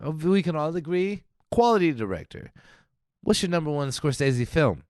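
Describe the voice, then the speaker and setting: A man co-hosting a casual podcast, talking in a lively way, swearing and laughing often. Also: a little high, moderate pace, no room sound, studio quality. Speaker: podcast co-host.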